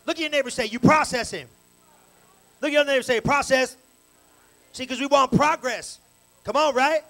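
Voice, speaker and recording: Male pastor, very high voice, animated slangy sermon with call-and-response. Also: normal speed, poor audio. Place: church sanctuary.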